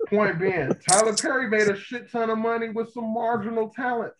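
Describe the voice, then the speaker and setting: A man co-hosting a casual pop-culture podcast, ranting heatedly and with a lot of profanity, often breaking into loud outbursts. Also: sits high, fairly even intonation, moderate pace, low-quality recording. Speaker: podcast co-host.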